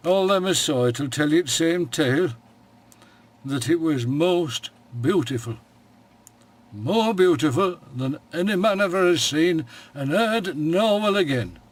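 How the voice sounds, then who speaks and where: An actor playing a wry, plain-spoken old shepherd in a radio monologue, with a broad Yorkshire accent and a dry, homely way of talking. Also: male voice, fairly high pitch, lively intonation, unhurried. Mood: hushed awe. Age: older.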